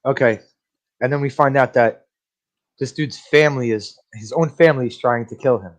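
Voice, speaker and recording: A man co-hosting a casual movie podcast, speaking at an ordinary mid pitch. He is blunt and profane, and he often breaks into laughter while trading opinions. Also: normal speed. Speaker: podcast co-host. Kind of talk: casual movie-review chat.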